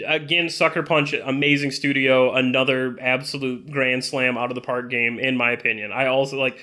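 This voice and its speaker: A man co-hosting a casual podcast, telling anecdotes with lots of laughter and swearing, jumping up in pitch when he acts out what people said. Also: moderate pace. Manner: animated storyteller, acts out quotes with big pitch jumps; swears freely, laughs often. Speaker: podcast co-host.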